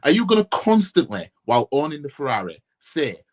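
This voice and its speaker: A man's voice: on the high side, big pitch swings, fast talker, darkish tone. Ranting, swearing man from Yorkshire. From Yorkshire, England. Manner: blunt, profane, repetitive ranting with rhetorical questions. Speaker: football fan vlogger. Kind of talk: ranting casual vlog.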